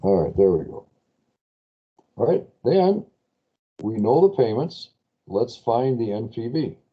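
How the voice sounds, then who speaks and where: A man lecturing a class on lease finance in a spreadsheet, chatty and quick to correct his own slips while asking students questions. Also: mid-range voice, very animated, slightly rough, dull audio.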